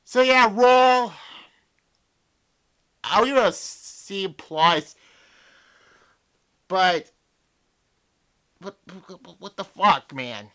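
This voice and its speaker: Young male vlogger, exasperated and profane, slightly higher voice. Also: expressive, extremely slow, long pauses, sharp tone. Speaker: wrestling show reviewer. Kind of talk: casual video review.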